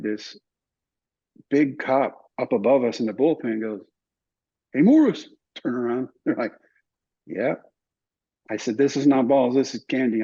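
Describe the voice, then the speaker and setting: An older man with a husky, medium-pitched voice tells animated stories in a relaxed interview, acting out other people's lines. The recording sounds somewhat dull and muffled.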